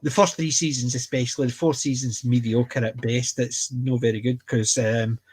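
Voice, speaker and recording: A man's voice: medium pitch, fairly even intonation, moderate pace, darkish tone, husky. A man chatting casually on a panel, retelling TV scenes at length. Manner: rambling retelling of TV scenes with acted quotes. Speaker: podcast panel host.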